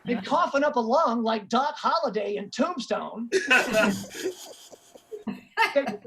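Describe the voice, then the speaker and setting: A woman's voice: a little high, expressive, slow pace, gravelly, noisy background. Brash profane woman comic on stage. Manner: brash, profane, punchy storytelling. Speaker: stand-up comedian. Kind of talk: stand-up comedy set. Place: comedy club stage. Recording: live club with crowd laughter.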